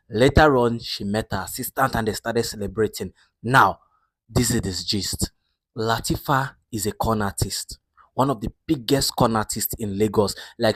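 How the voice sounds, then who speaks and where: A man's voice: on the low side, a bit bright, no echo. A man casually retelling a film's story in a chatty, repetitive way. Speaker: movie recap narrator.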